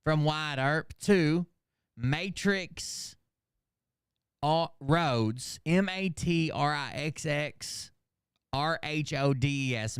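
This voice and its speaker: A man's voice: medium pitch, fairly bright tone, clear, resonant tone, dry recording, studio quality. A man hosting a casual commentary show, reading emails aloud with sarcasm and swearing. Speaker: host.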